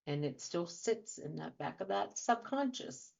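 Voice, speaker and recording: A woman's voice: on the low side, lively intonation, unhurried, vocal fry, a little mellow. A woman hosting a radio talk show as a trauma and life coach, talking earnestly and asking many rhetorical questions. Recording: dull lo-fi audio.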